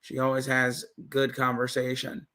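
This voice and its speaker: A man's voice: mid-range voice, completely flat delivery, normal speed, pushed and bright. A man hosting a livestream, chatting casually in a laid-back way. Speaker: livestream host.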